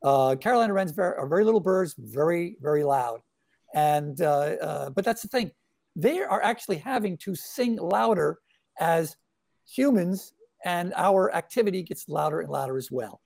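A man talks through his cartoons in a relaxed interview, stopping and restarting often. His voice is gravelly and a little husky, recorded dry and close. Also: a little high, moderate pace, no room sound. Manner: hesitant, many fillers and restarts. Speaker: editorial cartoonist guest. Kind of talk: casual interview chat.

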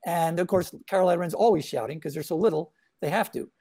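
A man's voice: fairly high pitch, fast talker, mellow, dry recording, studio quality. A man, a cartoonist guest chatting in an interview, hesitant with many fillers and restarts. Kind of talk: casual interview chat.

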